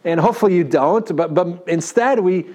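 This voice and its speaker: A man in his thirties with a New York accent, preaching a sermon and telling a story in an animated way, often checking in with the congregation. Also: high-pitched, moderate pace. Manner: animated, talks to the audience with "right?". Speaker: pastor.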